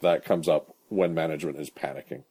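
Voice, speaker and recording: A man's voice: very deep voice, steady tone, brisk, mellow, slightly rough. A man co-hosting a casual podcast, with a dry, wry delivery. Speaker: podcast co-host.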